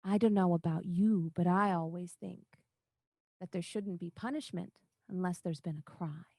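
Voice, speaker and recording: A woman voicing a tall, mysterious woman who speaks softly and persuasively in a tabletop game. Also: lowish voice, moderate pace, no room sound, clean studio sound. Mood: coaxing. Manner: soft, gentle, persuasive.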